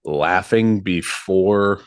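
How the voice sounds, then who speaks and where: A man's voice: low voice, very slow, clear, resonant tone, no echo, studio quality. A man in his thirties, a podcast host, telling a long story in casual chat with lots of "like" and "um" and acted-out quotes. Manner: animated, acts out quotes, frequent ums and likes. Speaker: podcast host and comedy show MC.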